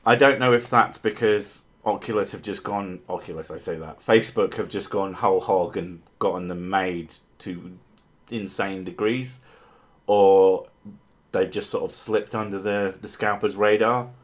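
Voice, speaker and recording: A man with a lowish voice talks loosely through a livestream, replying to chat messages as they come in. He rambles, loses his thread, fills gaps with ums, and swears offhandedly. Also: fairly even intonation, measured pace. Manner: rambling, swears casually, many fillers and restarts. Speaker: streamer answering chat.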